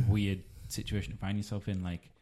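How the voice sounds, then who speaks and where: A man's voice: on the low side, level tone, moderate pace, dark tone. A male podcast host chatting casually, reacting to a guest's story and laughing along. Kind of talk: casual chat.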